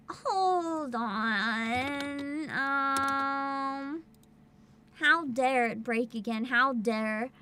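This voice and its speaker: A woman's voice: high-pitched, expressive, very slow, pushed and bright, slight background noise. A woman streamer chatting casually and rambling, laughing often as she talks. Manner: giggly, rambling, frequent laughter. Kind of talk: casual livestream chat.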